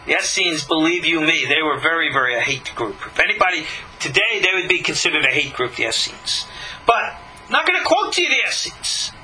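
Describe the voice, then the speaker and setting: A man teaching scripture from a Torah point of view, speaking emphatically and posing rhetorical questions with dramatic pauses. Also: a little high, sing-song, bright, forceful tone, rough recording. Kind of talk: live-streamed Torah lesson.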